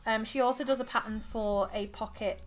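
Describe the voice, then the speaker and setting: Chatty higher-voiced woman. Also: fairly even intonation, a little fast. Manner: chatty, thinks aloud, counts stitches under her breath. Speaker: livestream host. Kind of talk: casual crafting livestream. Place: home.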